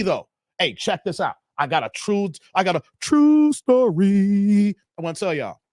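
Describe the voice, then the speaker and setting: A man tells a story to his viewers in a loose, profane rant. His fairly high voice leaps up and down with lively expression. The sound is close and dry, with no room echo. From Chicago, USA. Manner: animated, profane, talks straight to viewers. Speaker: YouTube commentator.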